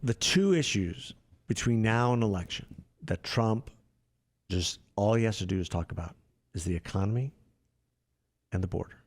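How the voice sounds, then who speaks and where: A man's voice: fairly low pitch, expressive, moderate pace, long pauses. A man co-hosting a casual political talk show, blunt and emphatic, often repeating words as he starts a point. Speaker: podcast co-host.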